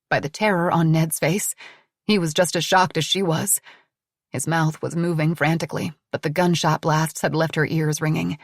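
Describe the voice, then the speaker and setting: A woman's voice: fairly low pitch, no echo. A woman narrating an audiobook in a dramatic, tense storytelling manner on a close studio mic.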